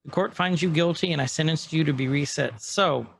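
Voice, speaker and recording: A man's voice: on the high side, a little fast, gravelly, breathy edge. A man co-hosting a podcast, casually recapping a show and acting out its lines as he goes. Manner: animated, acts out scene quotes in passing. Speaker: podcast co-host.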